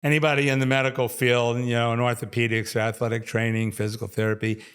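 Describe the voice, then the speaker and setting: A man's voice: medium pitch, fast talker, smooth. An older man from New York, a former athletic trainer, telling stories in a casual interview and laughing often between his sentences. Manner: animated storyteller, laughs often mid-sentence.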